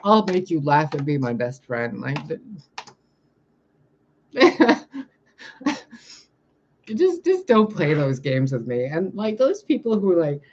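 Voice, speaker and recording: A woman telling stories on her vlog in a casual, animated way, swearing freely and laughing as she talks. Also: sits low, slow pace, long pauses, a little hiss or hum. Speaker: vlogger. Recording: dull lo-fi recording.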